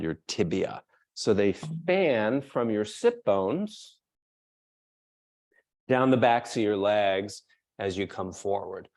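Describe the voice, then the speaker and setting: A man who is a yoga teacher, explaining hamstring anatomy to a class and then slowly guiding them through a strap stretch. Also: lowish voice, darkish tone. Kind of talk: yoga workshop instruction.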